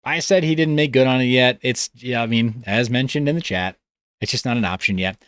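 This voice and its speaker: A man's voice: mid-range voice, brisk, a bit bright, clear, resonant tone, no echo, studio quality. A man hosting a livestream, reading comments in a loose, rambling way with a tired voice. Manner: rambling, loose, self-interrupting. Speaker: livestream host.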